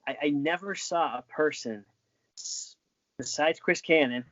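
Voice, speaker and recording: A man's voice: a little high, measured pace, a bit bright, no room sound, muffled recording. A man being interviewed as a former wrestling referee, telling stories in a rambling way with lots of restarts and filler words. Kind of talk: casual storytelling.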